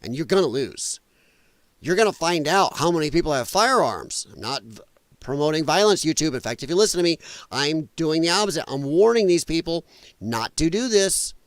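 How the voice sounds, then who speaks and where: A man hosts an opinionated commentary show in a blunt, sarcastic, mocking way, rambling between points. His pitch sits a bit high and swings widely. The sound is dry and close. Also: lively intonation, normal speed, no echo. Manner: rambling, trails off while scrolling. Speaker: podcast host.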